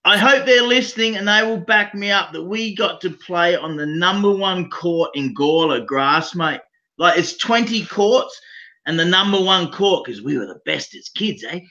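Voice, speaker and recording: A man with an Australian accent, a brash, profane co-host in casual banter who laughs loudly. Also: high-pitched, expressive, normal speed. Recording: dull lo-fi stream audio.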